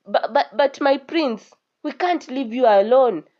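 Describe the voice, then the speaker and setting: An anxious male guard, fretting over the prince's safety and pleading with him, as a woman storyteller puts him on. The voice is fairly high on a muffled recording. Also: measured pace. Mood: worried. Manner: worried, pleading. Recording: dull lo-fi recording.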